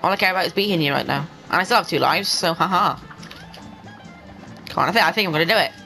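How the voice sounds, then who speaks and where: Excitable young man with a gravelly edge. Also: high-pitched, fast talker, faint music behind, low-quality recording. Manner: excitable, talks to the game and viewers, bursts into yells. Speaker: gaming channel host. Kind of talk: let's play commentary.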